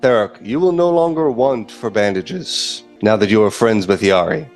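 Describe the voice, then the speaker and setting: A man's voice: fairly low pitch, animated, normal speed, a little mellow, soft background music. A man playing a tabletop fantasy game, playful and often chuckling. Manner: chuckling, playful, often laughs mid-sentence. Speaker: player. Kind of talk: tabletop role-play chat.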